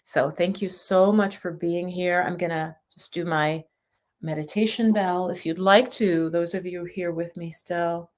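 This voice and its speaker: A woman's voice: on the low side, steady tone, a little slow. Chatty woman meditation teacher on a livestream. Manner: chatty, reassuring, sometimes laughing. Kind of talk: casual livestream talk.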